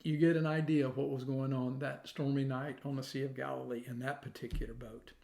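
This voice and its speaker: A middle-aged man preaching a sermon, telling a story with acted-out quotes and sudden drops to a soft, near-whispered voice. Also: mid-range voice, little pitch movement, a little fast, vocal fry. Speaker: pastor.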